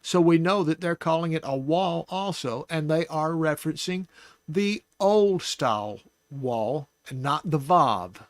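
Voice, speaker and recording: A man hosting a Bible study, teaching casually and thinking aloud, with restarts and soft laughs. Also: fairly high pitch, lively intonation, unhurried, no echo.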